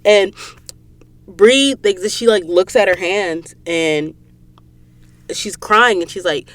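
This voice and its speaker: A young woman from the American South with a Southern accent, hosting a podcast and recapping a book in a casual, animated way, acting out the characters' dialogue. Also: mid-range voice, takes it slowly, pauses often. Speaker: podcast host.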